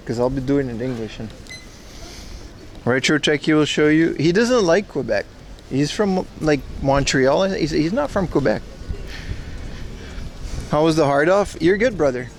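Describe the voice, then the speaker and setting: A man's voice: a little high, normal speed, a little hiss or hum. Chatty man streaming from a street. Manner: chatty, joking, reads and answers chat. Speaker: livestream host. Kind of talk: casual IRL livestream chat. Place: outdoors on a city street.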